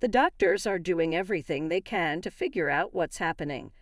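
A woman's voice: lowish voice, lively intonation, fairly quick, no echo, clean studio sound. A woman reading a soothing young husband. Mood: reassuring. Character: loving, reassuring young husband.

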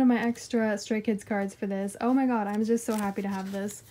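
Brief: gushing woman vlogger, mellow tone, giggly and chatty as she unboxes. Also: mid-range voice, fairly even intonation, brisk. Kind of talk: casual unboxing chat.

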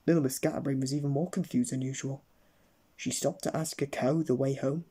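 A man's voice: medium pitch, steady tone, brisk, warm tone, breathy edge. A man reading a children's story aloud in a playful storytelling manner. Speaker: storybook reader.

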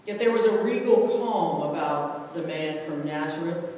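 A man narrating a scripture story in a measured, deliberate way at a church service. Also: on the high side, darkish tone, dull audio. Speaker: scripture reader. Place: church sanctuary. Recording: echoey church hall from far off.

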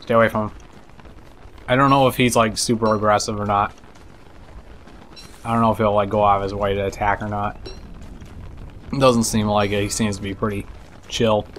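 A man giving casual let's play commentary, excitable and swearing, talking to the creatures in the game. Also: on the low side, normal speed, pauses often, a little hiss or hum. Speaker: gameplay commentator.

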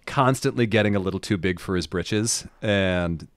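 Man, podcast guest, low voice, dry close sound, hesitant, searching for words. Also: normal speed, dry recording. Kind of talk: casual chat.

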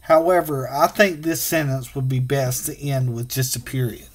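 A man teaching a phonics and punctuation lesson to children, sounding out letters slowly and patiently. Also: mid-range voice, steady tone, a little hiss or hum.

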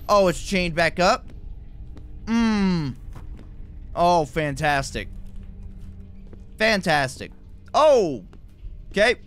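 A man's voice: high voice, very animated, slow pace, long pauses, a bit bright. A man giving nervous, jumpy commentary while playing a horror game, with frequent exclamations. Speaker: gaming YouTuber.

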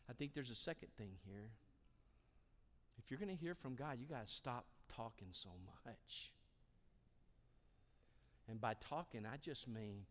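A male pastor delivers a sermon with an emphatic, repetitive style, rising to loud calls and dropping to near-whispers. His voice sits at an ordinary middle pitch for a man. It rings with the long reverb of a church sanctuary. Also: animated, a little slow, long pauses. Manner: emphatic, repeats key lines, swings from loud preaching to hushed.

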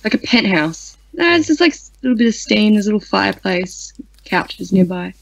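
A woman's voice: medium pitch, big pitch swings, normal speed, vocal fry, no echo, poor audio. A tired woman playing her character in a tabletop game, rambling and giggly, full of likes and half-finished sentences. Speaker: player.

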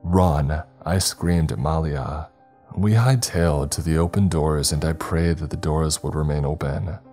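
A man narrating a first-person horror story in a measured, ominous way. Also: very deep voice, warm tone. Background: faint background music.

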